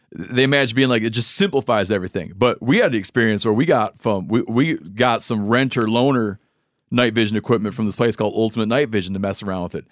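A man hosting a podcast in casual conversation, thinking out loud and acting out imagined scenes. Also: lowish voice, no echo, studio quality. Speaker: podcast host.

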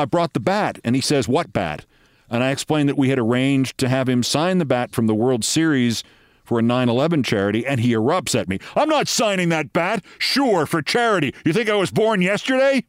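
A man's voice: mid-range voice, no echo, clean studio sound. A man, a podcast host telling a wry anecdote and acting out the voices of the people in it. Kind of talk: storytelling monologue.

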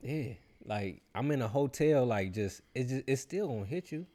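A man chatting casually, telling a personal story in relaxed slang and acting out other people's voices. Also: mid-range voice, moderate pace. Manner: laid-back, slangy storytelling with animated quoted voices. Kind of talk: casual chat.

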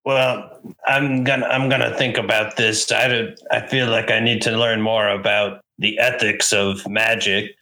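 A man playing a tabletop game, talking in character, skeptical and halting, with stammered restarts. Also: on the low side, level tone, pushed and bright, rough recording.

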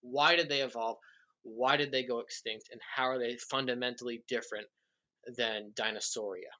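Man, young adult, bright tone, enthusiastic, explanatory, casual chat. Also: mid-range voice, steady tone, moderate pace. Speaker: podcast guest.

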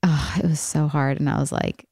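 Woman podcast host, low voice, dry close mic, candid and rambling with lots of fillers. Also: fairly even intonation, normal speed, gravelly, warm tone, husky, dry recording. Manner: rambling, many fillers and restarts. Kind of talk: candid casual chat.

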